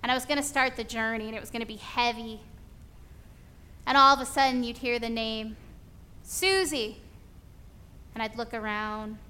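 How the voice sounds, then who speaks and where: A woman preacher giving a sermon in an animated storytelling manner, acting out bits of dialogue. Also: on the high side, fairly quick, clear, resonant tone.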